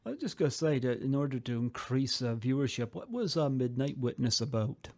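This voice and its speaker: A man's voice: mid-range voice, very animated, fairly quick, darkish tone, dry recording. Guy hosting an interview, kinda rambly, lots of ums. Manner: rambling, hesitant, lots of fillers. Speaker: podcast host. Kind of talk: casual interview chat.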